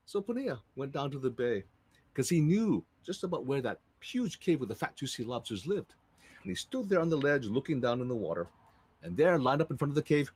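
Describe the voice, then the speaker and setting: A man from Hawaii telling island legends with lively sound effects, in a Hawaiian Pidgin accent. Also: mid-range voice, normal speed, husky. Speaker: storyteller. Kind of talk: live storytelling of legends.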